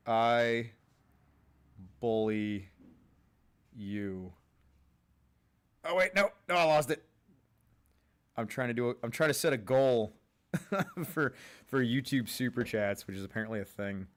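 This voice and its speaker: A man's voice: mid-range voice, expressive, unhurried, pauses often. A young man hosting a livestream, rambling casually, swearing a lot and laughing often at his own jokes. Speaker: livestream host.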